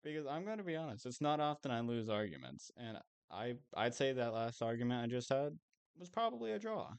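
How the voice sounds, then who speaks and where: A man's voice: mid-range voice, sing-song, brisk, smooth. A young man chatting casually while streaming a game, rambling and self-amused, swearing now and then.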